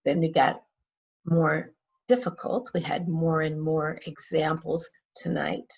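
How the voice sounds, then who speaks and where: A woman teaching an English class who says example words slowly and twice, drawing out each vowel sound. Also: sits low, little pitch movement, creaky, a little mellow, slightly rough. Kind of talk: slow, careful classroom review.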